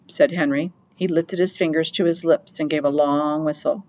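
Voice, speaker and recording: A woman narrating an audiobook in a steady, plain storytelling manner. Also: low-pitched, moderate pace, few pauses, dull audio. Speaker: audiobook reader.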